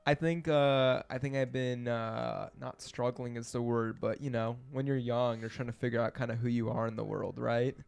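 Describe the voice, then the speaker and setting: Man, 20s, podcast guest, animated, rambling, laughs often, casual chat. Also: medium pitch, normal speed, vocal fry, few pauses, smooth.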